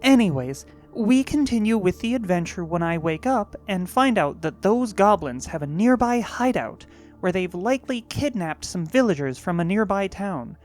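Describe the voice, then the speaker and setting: A woman's voice: medium pitch, lively intonation, moderate pace, darkish tone, faint music behind. A woman narrating a tabletop gaming story with wry, sarcastic asides.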